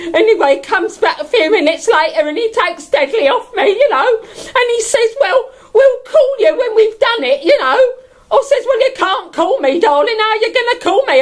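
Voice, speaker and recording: A woman gives a comedy character monologue as a giggly homeless bag lady from London, cheeky, chatty and bawdy. Her voice is very high, and the storytelling rambles gossipily with lots of fillers, often broken by laughter mid-word.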